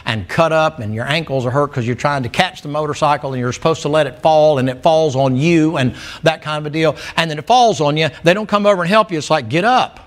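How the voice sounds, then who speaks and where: A man's voice: on the high side, quick pace, hardly any pauses. Blunt folksy preacher man. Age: middle-aged. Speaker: pastor. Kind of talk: sermon. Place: church.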